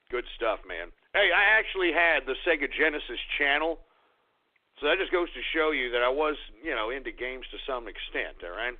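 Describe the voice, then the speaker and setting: A man hosting a radio show in a comedic on-air rant, excitable and profane, swinging between muttering and shouting. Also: mid-range voice, fairly quick. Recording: tinny phone-like audio.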